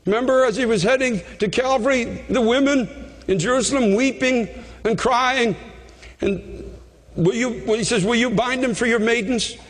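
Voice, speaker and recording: A man preaching a fervent sermon, often repeating himself and rising to shouts. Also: very high-pitched, normal speed, long reverb tail.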